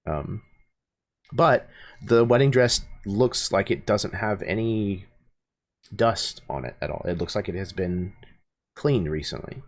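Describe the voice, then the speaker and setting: A man's voice: fairly low pitch, lively intonation, unhurried, long pauses. A man narrating as game master of a tabletop role-playing game, hesitant with fillers.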